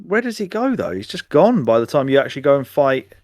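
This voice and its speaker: A man's voice: mid-range voice, sing-song, fast talker, darkish tone, dry recording. A man co-hosting a podcast, chatting casually with trailing asides. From England. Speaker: podcast co-host. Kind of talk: casual chat.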